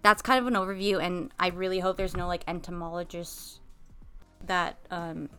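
Bright-voiced giggly young woman podcaster. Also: lowish voice, fairly even intonation, moderate pace, clean tone, soft background music. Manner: giggly, rambling with many "like"s. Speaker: podcast co-host. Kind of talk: casual chat.

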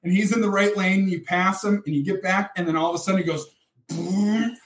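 A man's voice: high voice, fairly even intonation, fast talker, distant mic. A young man co-hosting a casual podcast, venting with heavy swearing. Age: young adult. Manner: profane, irritated venting. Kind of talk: casual chat. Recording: roomy, off-mic.

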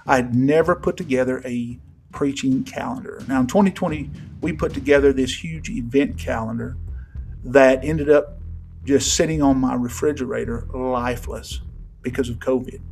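A man pastor preaching a sermon in a church sanctuary, folksy and emphatic, swinging between loud and hushed. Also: medium pitch, moderate pace, creaky, soft background music.

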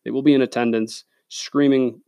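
Man, podcast host, creaky voice, dry close mic, opinionated and profane. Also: medium pitch, steady tone, normal speed, dark tone, no echo. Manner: blunt, profane, opinionated, with many fillers. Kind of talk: solo sports podcast rant. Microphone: studio microphone.

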